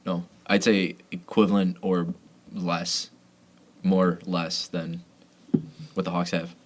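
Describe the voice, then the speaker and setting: A man's voice: low voice, level tone, takes it slowly, slight background noise. A man co-hosting a sports podcast, chatting casually and reeling off player names and stats. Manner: laid-back, rattles off player names and stats. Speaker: podcast co-host.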